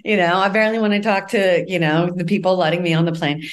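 Low-voiced, rambling woman podcast host. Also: fairly even intonation, fast talker. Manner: rambling, casual, lots of fillers like "you know". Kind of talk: podcast interview.

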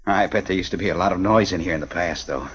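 An actor playing a steady, joking young husband in a 1950s radio drama, with a husky voice and a reassuring, clipped delivery. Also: male voice, low voice, fast talker. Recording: dull 1950 radio recording.

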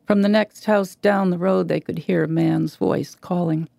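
A woman reads a short story aloud in a measured, even delivery. Her voice is gravelly and mellow, recorded close and dry. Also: lowish voice, no room sound. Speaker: reader. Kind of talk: reading literary fiction aloud.

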